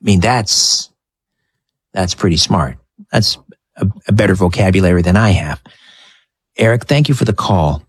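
A man's voice: deep voice, lively intonation, moderate pace, long pauses, husky, no echo. A male radio talk show host, chatting easily with callers and swapping stories. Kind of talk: late-night call-in radio.

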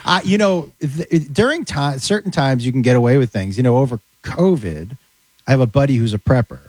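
A man, a comedian guest, chatting casually and telling animated stories. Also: mid-range voice, fairly quick, no echo, poor audio. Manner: animated storyteller, slips into character voices. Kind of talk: casual podcast chat.

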